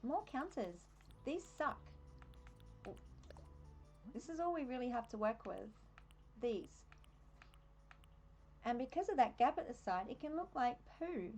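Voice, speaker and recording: A woman's voice: sits high, sing-song, a little slow, pauses often, a little mellow. A woman with an Australian accent chatting casually on a live game stream, easily sidetracked and amused at herself. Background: faint game music.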